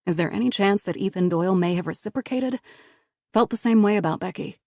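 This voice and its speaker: A woman reader voicing a female federal agent who speaks calmly and firmly. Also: medium pitch, no echo, studio quality, close to an everyday voice. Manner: calm, measured, reassuring. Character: female federal agent, calm, patient and firm.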